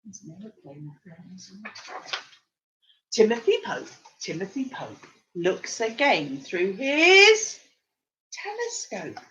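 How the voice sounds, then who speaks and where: Animated woman reading a storybook. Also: mid-range voice, takes it slowly, long pauses, a little hiss or hum, poor audio. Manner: animated, gasping, speaking straight to the children. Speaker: preschool teacher reading a picture book. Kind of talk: storytime reading to small children. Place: at home.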